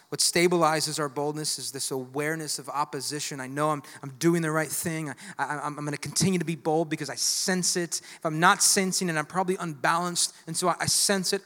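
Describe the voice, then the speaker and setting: The long reverb of a church sanctuary carries this pastor's sermon as he emphatically calls for responses from the congregation. His voice is on the high side, pushed and bright.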